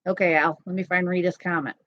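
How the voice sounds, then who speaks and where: A woman's voice: fairly low pitch, steady tone, fast, no room sound. A woman hosting a casual crochet live stream from home, chatty and laughing often. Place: home, indoors. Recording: slightly dull lo-fi sound.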